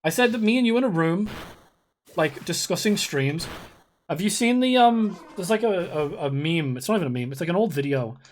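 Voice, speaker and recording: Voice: medium pitch, lively intonation, moderate pace, a little hiss or hum. Streamer in their 30s, rambly casual chat while gaming, swears a lot, laughs often.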